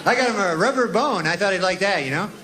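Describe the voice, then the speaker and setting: A man doing a deadpan, rambling stand-up routine full of folksy asides. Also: high voice, fast. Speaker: stand-up comedian. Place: comedy club stage with laughing audience. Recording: live club recording with crowd and noise.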